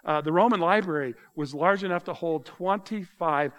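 A man's voice: on the high side, normal speed, a bit bright. A man preaching a sermon as pastor, speaking conversationally and addressing the congregation directly.

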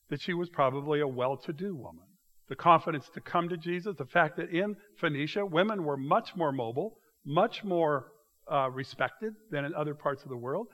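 Guy preaching a sermon, kinda high voice, gets loud and emphatic when the story heats up. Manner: animated, emphatic storytelling with rising bursts of loudness; directs listeners to mark passages in their notes. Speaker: pastor.

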